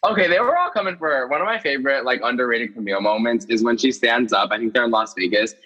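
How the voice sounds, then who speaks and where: A man's voice: mid-range voice, fast talker, bright, forceful tone, slightly rough. A man co-hosting a casual podcast, enthusiastically recapping reality TV. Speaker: podcast co-host.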